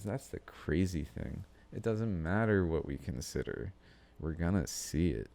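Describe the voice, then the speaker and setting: A man with a low, gravelly voice talks unhurriedly into a podcast mic, his pitch rising and falling a lot. He meanders from thought to thought, cuts himself off, and swears casually as he goes. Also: expressive, unhurried, warm tone. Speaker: podcast host. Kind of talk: rambling solo podcast musing. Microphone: studio-style podcast mic.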